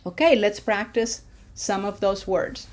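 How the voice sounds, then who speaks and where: A woman teacher walks learners through pronunciation drills at a slow, deliberate pace. She repeats syllables carefully and keeps asking whether they follow. Her pitch sits in an ordinary middle range. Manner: patient, drills syllables slowly with frequent "okay?". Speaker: Spanish teacher. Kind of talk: pronunciation lesson.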